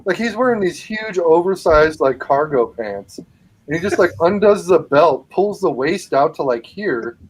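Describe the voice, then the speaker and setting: Male co-host, slightly high voice, casual swearing raconteur. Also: animated, measured pace, husky, rough recording. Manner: swears a lot, rambling anecdotes. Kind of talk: casual chat, storytelling.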